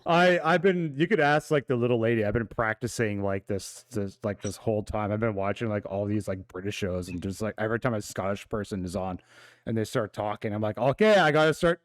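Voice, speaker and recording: A man narrating as dungeon master, laughing often and halting with fillers between lines. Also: lowish voice, no room sound. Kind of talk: narrating a tabletop game.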